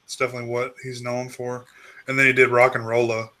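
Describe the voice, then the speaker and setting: A man's voice: medium pitch, completely flat delivery, quick pace, bright, forceful tone. A man co-hosting a casual movie podcast, easygoing, mostly agreeing with short replies and adding his own picks. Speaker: podcast co-host. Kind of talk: casual movie discussion chat.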